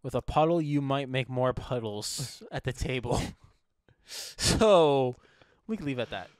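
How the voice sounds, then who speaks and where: A man's voice: mid-range voice, expressive, measured pace, clear, resonant tone, no echo, clean studio sound. A man co-hosting a movie review podcast, chatting casually and joking, often laughing. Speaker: podcast co-host.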